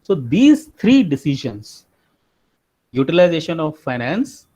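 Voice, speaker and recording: A man's voice: fairly high pitch, big pitch swings, unhurried, warm tone, breathy edge. Man, finance lecture, explanatory, repeats terms, muffled recording. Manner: explanatory, repeats key terms, frequent fillers.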